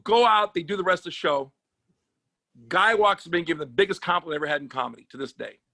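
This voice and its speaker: High, bright-voiced male comic storyteller. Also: fast, no echo. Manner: profane, punchy storyteller. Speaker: comedian and sports agent guest.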